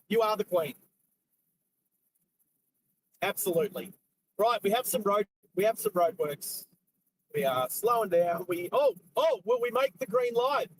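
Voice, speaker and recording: A man's voice: very high voice, background noise. An Australian man hosting a live stream from his car, chatting with viewers as he drives and points out sights along the road. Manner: chatty, jumping between road commentary and viewer chat. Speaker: host of a live driving stream. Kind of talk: casual live-stream chat while driving.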